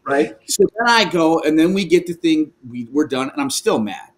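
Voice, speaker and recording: A man speaking as a guest in a remote video call interview, telling a personal story with lively energy, frequent laughs and restarts. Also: a little high, normal speed. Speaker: guest, worship leader. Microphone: video call microphone.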